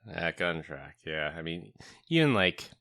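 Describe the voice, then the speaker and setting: A man co-hosting a casual tech-security podcast who explains things in a measured way. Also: deep voice, sing-song, vocal fry, bright, forceful tone, no echo. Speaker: podcast co-host.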